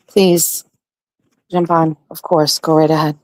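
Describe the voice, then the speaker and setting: A woman's voice: sits low, level tone, slow pace, darkish tone, dry recording. A woman hosting a casual morning chat show, talking in a chatty, rambling, self-mocking way. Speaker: show host.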